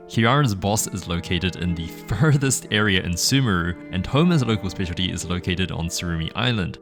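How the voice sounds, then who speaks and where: A young man comments casually on his game in a somewhat low voice that is a little croaky and hoarse. He rambles into side stories and swears playfully. Quiet game music plays behind him. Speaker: gaming YouTuber.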